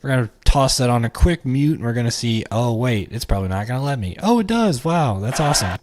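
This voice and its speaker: A man's voice: medium pitch, fast. Chatty man hosting a game watch-along. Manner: chatty, excitable, thinks aloud. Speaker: live stream host. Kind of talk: casual watch-along commentary. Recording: clear noise with clicks.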